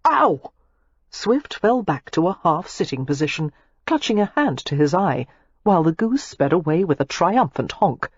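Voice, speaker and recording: Brief: low, husky female audiobook narrator, animated delivery, dull dry sound. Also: no room sound. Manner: expressive, measured storytelling. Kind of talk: scripted romance narration.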